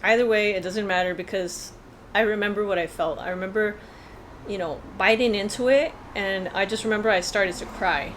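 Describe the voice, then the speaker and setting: A woman's voice: mid-range voice, moderate pace, a bit bright, slight background noise. A woman vlogger telling a personal story in a casual, earnest, rambling way with many fillers.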